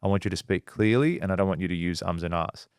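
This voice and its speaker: A man's voice: low voice, fast talker, dry recording, clean studio sound. A man co-hosting a podcast, chatting casually and acting out the people in his stories. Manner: storytelling, quotes people in dialogue. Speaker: podcast co-host. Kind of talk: casual chat.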